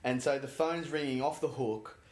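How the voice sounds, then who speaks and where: A man's voice: medium pitch, normal speed. Rambling Australian man in an echoey room. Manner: rambling storyteller, full of swearing and acted-out customer voices. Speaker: podcast co-host. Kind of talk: casual chat. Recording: echoey room, faint noise.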